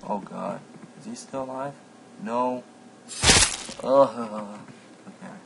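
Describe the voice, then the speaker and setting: A man casually commentating a game as he plays, excitable and quick to yelp and exclaim at what happens. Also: medium pitch, creaky. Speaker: gameplay commentator. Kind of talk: casual let's-play commentary. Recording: noisy home mic recording.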